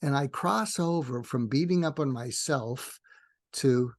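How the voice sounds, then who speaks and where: A man's voice: medium pitch, moderate pace, no echo, clean studio sound. An older man, a retired psychiatrist, telling rambling personal stories as a podcast guest. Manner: rambling, tangential, warm storyteller. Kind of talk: casual storytelling interview.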